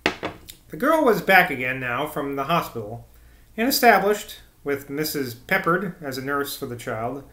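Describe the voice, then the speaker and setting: Male audiobook reader, measured and literary, slightly high voice; echoey recording. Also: a bit bright. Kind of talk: audiobook narration. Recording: echoey room.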